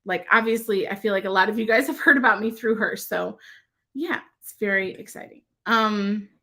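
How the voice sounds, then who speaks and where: A woman's voice: medium pitch, moderate pace, pushed and bright. A woman hosting a casual livestream about her craft shop, chatty and rambling, often laughing between thoughts.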